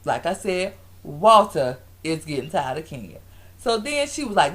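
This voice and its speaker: A woman's voice: sits low, normal speed. A woman giving a casual vlog recap, acting out quotes in different voices. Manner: animated storytelling, acting out quotes in different voices, frequent laughs. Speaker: vlogger reviewing a reality show.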